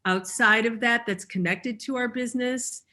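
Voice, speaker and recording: A woman on a business panel who runs a school, speaking earnestly and often pausing to find her words. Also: fairly high pitch, sharp tone. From Chicago. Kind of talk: panel discussion.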